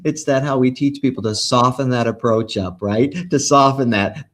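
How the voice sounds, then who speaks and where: A man's voice: mid-range voice, moderate pace. A man hosting a podcast, talking earnestly in a casual conversation and reading out listener questions. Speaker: podcast host.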